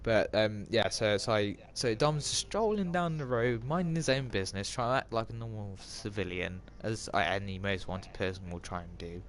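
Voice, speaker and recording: A man with a lowish voice talks at a normal speed, barely pausing, while he plays a game and casually retells a film. His commentary rambles, with lots of restarts and side remarks. Loud car and game sounds are audible behind him.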